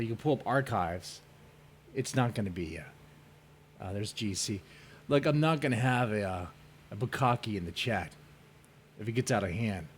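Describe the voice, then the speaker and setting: A man's voice: on the low side, slight background noise. A man hosting a casual livestream debate, rambling and joking with his chat. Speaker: stream host.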